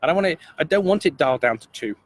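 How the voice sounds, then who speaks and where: A man's voice: a little high, animated, very fast. A man co-hosting a casual lesson, rambling and playful, often restarting his sentences. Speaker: co-host. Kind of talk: casual teaching chat.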